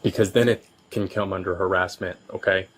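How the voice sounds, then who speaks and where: A man working as a police officer, patiently explaining things to a resident with many halting restarts, recorded on his bodycam. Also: low voice, steady tone, a bit bright. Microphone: his own bodycam.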